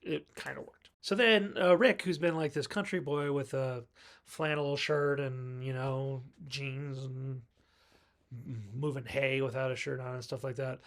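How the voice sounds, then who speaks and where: A man's voice: mid-range voice, steady tone, unhurried. A man reviewing a film in a casual recap, chatting along and acting out the characters' lines as he goes. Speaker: movie reviewer.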